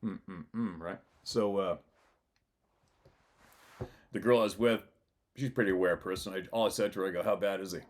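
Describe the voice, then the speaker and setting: Man, somewhat low voice, channel host, casual storytelling, blunt, profane, rambling restarts. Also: normal speed, long pauses, a little mellow. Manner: blunt and profane, laughs often.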